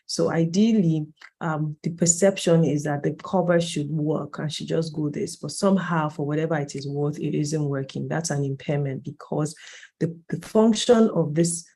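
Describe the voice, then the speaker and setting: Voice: medium pitch, moderate pace, warm tone. A facilitator in their late thirties, lecturing a training cohort in a conversational way, stressing key points and correcting themselves mid-sentence. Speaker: workshop facilitator.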